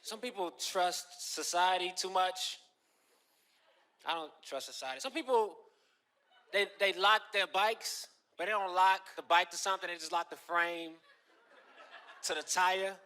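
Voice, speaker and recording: A man doing stand-up comedy, telling stories in a deadpan way with punchy asides. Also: sits high, a little slow, long pauses.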